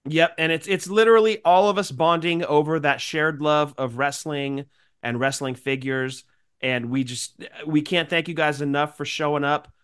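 A man with a nasal, congested voice from a cold, chatting loosely on a podcast. His voice sits a bit higher than most men's. He talks in a rambling, grateful way. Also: steady tone, moderate pace, a bit bright, smooth. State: sick with a cold. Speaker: podcast co-host. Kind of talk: casual chat.

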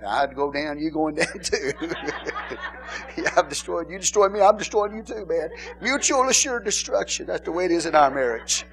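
A male pastor preaching an informal sermon in a church, bantering and laughing with the congregation and rising to shouted emphasis. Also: fairly high pitch, moderate pace. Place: church sanctuary.

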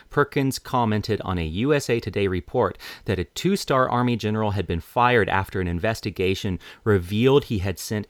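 A man's voice: lowish voice, no room sound, clean studio sound. A man hosting a podcast, reading articles aloud and adding critical commentary. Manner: critical, reads news aloud. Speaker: podcast host.

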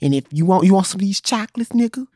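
Swaggering male street thug, loud and taunting, put on by a woman, dry close sound. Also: mid-range voice, expressive, racing, dry recording, natural voice.

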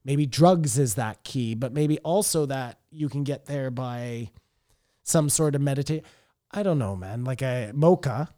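A man's voice: mid-range voice, unhurried, dark tone, no room sound, clean studio sound. A man co-hosting a podcast, chatting casually and rambling, often trailing off mid-thought. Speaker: podcast co-host. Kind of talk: casual chat.

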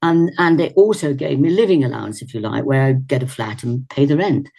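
A woman's voice: a bass voice, a little fast, creaky, mellow. An older woman from Leicester, England, an actress and singer, chatting animatedly with little laughs as a guest on a video call. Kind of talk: reminiscing in a casual interview. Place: indoors at home.

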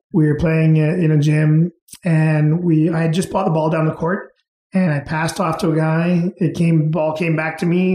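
Interview guest, man, easygoing rambling stories; mellow, slightly high voice in a reverberant room. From England, raised in Canada. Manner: relaxed, rambling with fillers and restarts. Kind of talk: casual storytelling.

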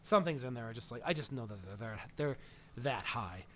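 A man's voice: mid-range voice, lively intonation, fairly quick, over a noisy crowd. A man co-hosting a casual chat, gushing and rambling with enthusiasm. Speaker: podcast co-host.

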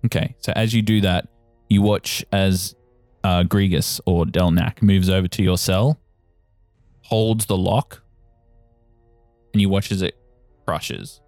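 A man narrating as game master of a tabletop game, in steady descriptive narration. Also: low-pitched, slow pace, long pauses, no room sound, soft background music. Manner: steady, descriptive narration with repeated "you watch".

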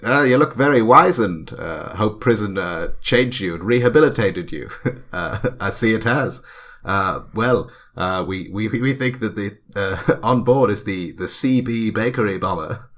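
Wry low-voiced man. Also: animated, measured pace, a bit bright. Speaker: player. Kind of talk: in-character tabletop banter.

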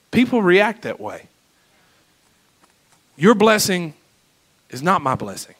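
Brief: male pastor preaching a sermon, high bright voice, passionate delivery. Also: very animated, slow pace, pauses often, poor audio. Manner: impassioned preaching, swinging between loud and hushed.

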